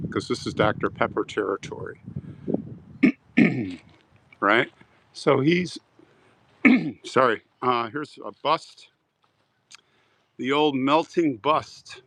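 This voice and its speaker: A man talking slowly and unhurriedly at an ordinary pitch as he strolls outdoors on a live stream. He chats and jokes with his viewers and clears his throat every so often. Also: fairly bright tone, poor audio. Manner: chatty, joking with viewers, frequent throat clearing. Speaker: vlogger reading live chat. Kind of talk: casual live-stream chat while walking a cemetery. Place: outdoor cemetery.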